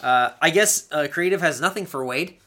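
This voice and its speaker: A young man co-hosting a casual podcast, chatting fast and acting out lines in a playful, animated way. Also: fairly high pitch. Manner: animated, quick quips, acts out wrestlers' lines. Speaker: podcast co-host. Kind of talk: casual chat recapping wrestling.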